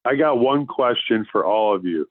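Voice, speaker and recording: A man's voice: on the low side, expressive, normal speed, dry recording. Emphatic man on a tinny, dry phone line. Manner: emphatic, talks in rhetorical questions. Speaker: podcast co-host. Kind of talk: casual sports chat.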